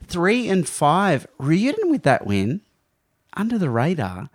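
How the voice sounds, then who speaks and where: A man's voice: high-pitched, wildly swooping pitch, slow. A man co-hosting a casual sports podcast, joking and playful as he retells the action. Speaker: podcast co-host.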